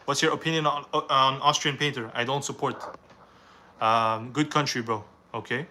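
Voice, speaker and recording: A man's voice: medium pitch, fairly even intonation, moderate pace, pushed and bright, a little hiss or hum. A young man from Canada, reading viewers' questions aloud on a live stream and answering them in a casual, rambling way.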